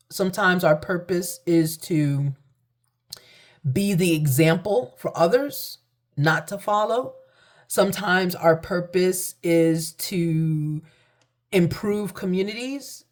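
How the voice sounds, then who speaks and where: Earnest woman telling a personal story. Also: a little mellow. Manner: earnest, emphatic, repeats phrases; acts out quoted voices in sudden high pitch. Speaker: spiritual tarot reader.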